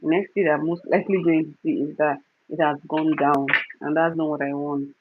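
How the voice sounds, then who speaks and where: A woman hosting a casual wig-styling livestream, giving instructions in short repeated steps and pausing now and then to soothe a crying baby. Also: sits low, fairly even intonation. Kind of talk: casual hair tutorial livestream. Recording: dull lo-fi phone audio with clear background noise.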